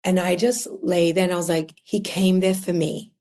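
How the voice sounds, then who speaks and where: An Australian woman in her thirties, a podcast guest telling personal stories in an emotional, animated way. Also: fairly low pitch, normal speed. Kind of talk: casual conversational storytelling.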